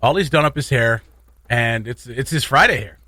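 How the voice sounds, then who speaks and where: A chatty man hosts morning radio in a casual, playful way and laughs easily. His voice is bright and forward, and he sits at a mid pitch. The studio sound is close and dry. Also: lively intonation, moderate pace, dry recording. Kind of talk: casual chat.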